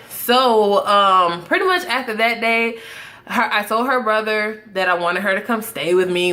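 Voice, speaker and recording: Bright-voiced woman telling a storytime. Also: mid-range voice. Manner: animated, profane, laughing asides. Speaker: vlogger. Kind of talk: casual storytime monologue.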